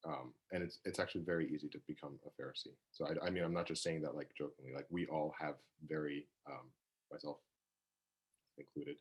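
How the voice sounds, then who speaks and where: Male teacher, very low husky voice, halting and reflective. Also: fairly even intonation. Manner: halting, reflective, filler-heavy. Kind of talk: informal lecture.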